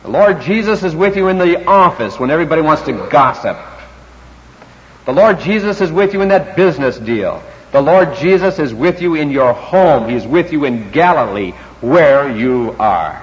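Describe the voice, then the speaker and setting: A man preaching a sermon, reading scripture in King James wording and swinging between loud emphasis and quiet intensity. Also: on the high side, animated, moderate pace, a little hiss or hum. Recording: dull lo-fi recording, long hall reverb.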